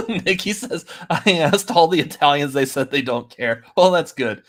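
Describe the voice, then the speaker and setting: A man's voice: on the high side, expressive, unhurried, fairly bright tone. A man co-hosting a casual podcast chat, hesitant, with many fillers and restarts, laughing often. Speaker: podcast co-host.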